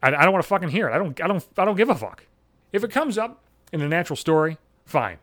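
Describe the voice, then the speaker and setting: A man rants through a comic story, swearing constantly, stumbling and repeating himself. His voice sits a bit high and swings up and down a lot. The recording is dry and close, with no room sound. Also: fast talker, dry recording. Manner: rambling, profane, animated. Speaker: vlogger. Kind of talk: profane comic rant.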